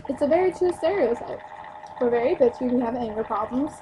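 A woman's voice: high-pitched, expressive, brisk. A young woman from New Jersey venting bluntly into her webcam at home, emphatic and swearing freely. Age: young adult. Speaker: store clerk venting on a vlog. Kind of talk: casual webcam rant. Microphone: built-in webcam mic. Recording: noisy webcam recording.

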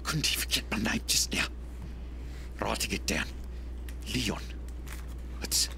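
Bitter unhinged man, slow rasping mutters, faint game ambience. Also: fairly low pitch, bright, forceful tone, a little hiss or hum, exaggerated voice. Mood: muttering, unhinged. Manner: raspy mutter, half-whispered, fragmented phrases. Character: unhinged man losing his mind, bitter and paranoid.

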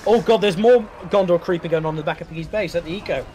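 Excitable higher-voiced male game caster. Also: fast. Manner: excitable, self-correcting. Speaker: game co-commentator. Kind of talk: casual live-stream match commentary.

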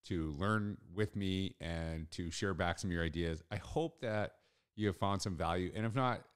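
A man's voice: sits low, clear, resonant tone. A middle-aged man hosting a solo podcast, telling a story in an earnest, reflective way. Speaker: podcast host.

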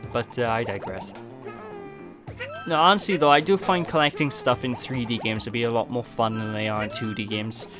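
A man from Wales casually narrating a video game run, rambling and poking fun at himself. Clear game music plays under his voice. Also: medium pitch, normal speed. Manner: rambling, self-mocking, jokey asides. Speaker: let's play host. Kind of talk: casual gameplay commentary.

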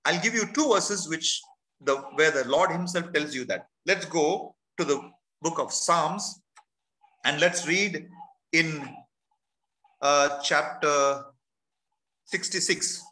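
A man's voice: a little high, takes it slowly, pauses often, bright, forceful tone, low-quality recording. A man preaching a sermon in church, earnest and emphatic, piling up lists and speaking out heartfelt prayers.

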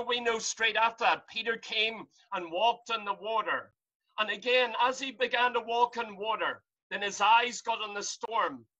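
A man's voice: high-pitched, pushed and bright, low-quality recording. A man preaching a sermon from home over a video call, fervent and pleading, rising to cries.

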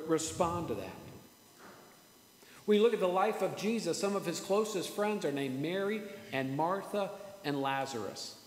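A man preaching a sermon as pastor, earnest, repeating words and slowing down for emphasis. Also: a little high, a little hiss or hum. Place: church sanctuary. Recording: echoey church hall with faint ambience.

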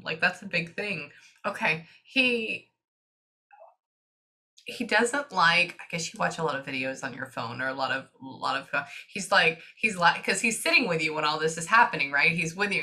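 A woman working as a psychic medium, giving a reading to a client and relaying messages in quick, chatty asides. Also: on the low side, sharp tone.

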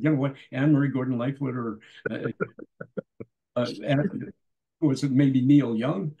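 Older man, gravelly voice, casual interview, animated storyteller. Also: mid-range voice, measured pace, long pauses, rough recording. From Canada. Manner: lively anecdotes, often acts out the other people in his stories. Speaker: musician guest.

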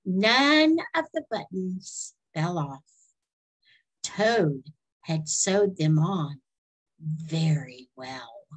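A woman storyteller reading a children's book aloud in a slow, expressive way. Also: sits low, slightly rough, rough recording.

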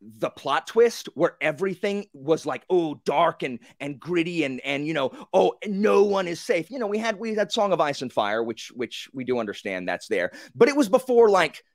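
A man in a casual group book discussion, telling the story with animated, acted-out reactions and many fillers. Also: fairly high pitch, moderate pace, hardly any pauses, no room sound, studio quality.

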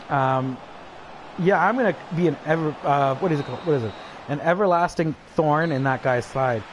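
A man with a voice on the high side rants aggressively on a livestream, with slight background noise. He swears constantly, taunts, mumbles asides, and breaks into chuckles.

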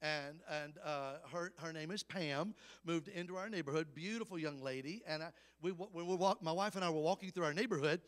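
High-voiced Southern evangelist man in his fifties. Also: brisk. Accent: Southern US (Alabama). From Alabama, USA. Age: 50s. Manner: emphatic, folksy, calls to the congregation. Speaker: evangelist preacher. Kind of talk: storytelling sermon.

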